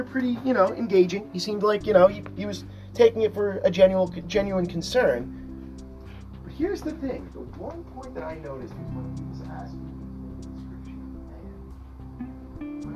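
Animated, profane storyteller, lively pitch. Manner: animated, profane, rambling with restarts. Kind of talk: casual personal storytelling. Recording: far from mic, faint guitar music.

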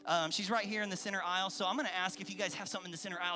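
High, bright-voiced man preaching to kids. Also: racing, few pauses, soft background music. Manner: animated, playful, acts out voices and calls to the crowd. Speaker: children's pastor. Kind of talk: lively kids' church sermon with storytelling. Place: large church hall with an audience. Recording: long hall reverb.

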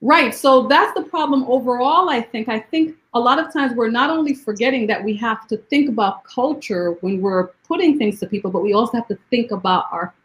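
A woman with a fairly high voice. She speaks as a poet in an interview, telling stories through rhetorical questions, and recites her verse slowly and deliberately. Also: low-quality recording. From Jamaica. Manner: rhetorical questions, animated storytelling; slow, deliberate poetry recitation. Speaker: poet guest. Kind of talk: conversational interview and poetry reading.

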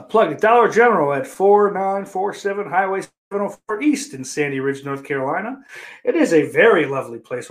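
A man's voice: on the high side, a little hiss or hum. A man hosting a livestream, chatting casually with his viewers in a rambling, profane, joking way. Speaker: livestream host. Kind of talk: casual chat to a live chat.

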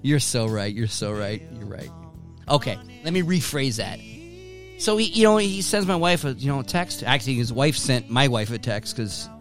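A man's voice: mid-range voice, expressive, normal speed, fairly bright tone, faint music behind. A middle-aged man hosting a casual chat, laughing often and swearing freely. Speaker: podcast host.

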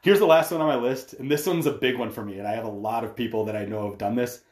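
A man's voice: medium pitch, fast talker, a little mellow. A man co-hosting a podcast in casual chat, talking loosely with lots of "like" and frequent laughs. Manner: conversational, laughs often, uses "like" a lot. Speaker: podcast co-host. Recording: roomy echo.

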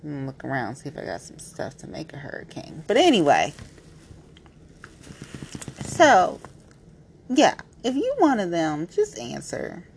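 A young woman hosts her own podcast and vents in a loose, casual monologue. Her voice sits a little low but swoops widely up and down as she talks bluntly and a bit pettily, with slangy asides. A faint hiss runs under the recording. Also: wildly swooping pitch, a little slow, gravelly, pauses often, a little mellow. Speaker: podcast host.

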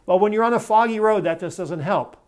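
A pastor with a voice that sits high delivers a sermon in an earnest, measured way, slowing down when he quotes scripture for emphasis.

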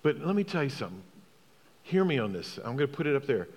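A man's voice: medium pitch, very animated, fast talker, darkish tone, long reverb tail. A man, a pastor, preaching a sermon, emphatic, asking the congregation questions and repeating key phrases.

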